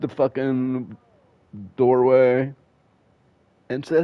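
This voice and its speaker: Recorded on a dull, dry home mic with no room sound, this gamer spins loose, foul-mouthed yarns in a casual way and chuckles at his own tales. His voice sits in the mid-range and moves a little slowly.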